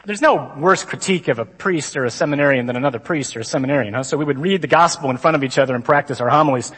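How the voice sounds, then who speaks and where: A man, a priest, giving a lively conference talk to a crowd of men. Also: mid-range voice, rapid-fire, a little hiss or hum. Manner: lively, mimics stuffy readings. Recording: long hall reverb.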